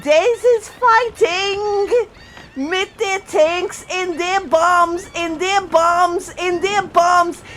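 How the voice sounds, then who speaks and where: A woman puts on a fussing, doting older woman with a very high voice who drawls her words slowly. She teases in broken grammar. Faint noise sits behind her. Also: fairly bright tone, heavily acted. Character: fussing older woman visiting a sick relative. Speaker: radio host. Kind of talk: comic radio skit and parody singing.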